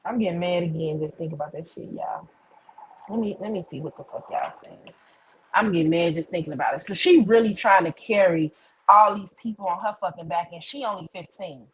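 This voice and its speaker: A woman's voice: lowish voice, fairly quick, muffled recording, a little hiss or hum. A woman hosting a casual livestream, telling a story bluntly with plenty of swearing and answering viewer comments. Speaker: livestream host.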